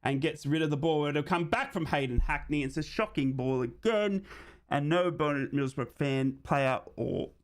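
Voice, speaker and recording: A man's voice: fairly high pitch, animated, moderate pace. A man hosting a live football watchalong, giving running play-by-play and reading out viewer comments. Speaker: host of a live match watchalong stream.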